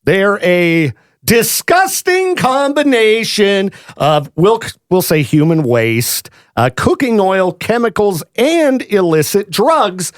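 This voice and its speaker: A man's voice: high-pitched, sing-song, takes it slowly. A man co-hosting a radio show in a studio, bantering casually and laughing often. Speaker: radio co-host.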